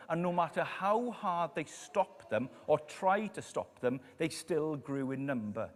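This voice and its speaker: A man preaching a sermon in a church, telling stories and dropping to quiet emphasis on key lines. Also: on the high side, measured pace, few pauses. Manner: storytelling, lively, drops to quiet emphasis. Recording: echoey church hall.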